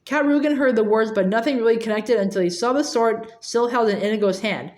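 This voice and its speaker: A woman reading a novel aloud in a fairly high voice. She stumbles often, repeating words and filling gaps with hesitant sounds. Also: darkish tone. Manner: halting, with many fillers and restarts. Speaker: reader.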